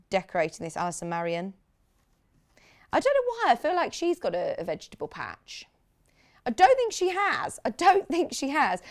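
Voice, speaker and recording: A woman's voice: medium pitch, darkish tone. A woman from the UK presenting sewing products on a live TV shopping channel, chatting with enthusiasm and gushing over fabrics. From United Kingdom. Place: TV studio.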